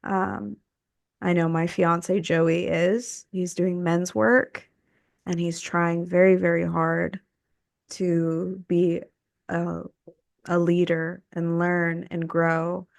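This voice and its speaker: A woman in casual podcast chat who talks softly, searching for her words with many fillers. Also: lowish voice, flat delivery, takes it slowly, vocal fry, no echo.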